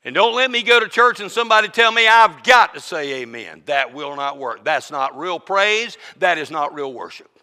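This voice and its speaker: A man preaching a sermon as interim pastor, swinging from booming declarations to hushed asides. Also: smooth, big-room sound.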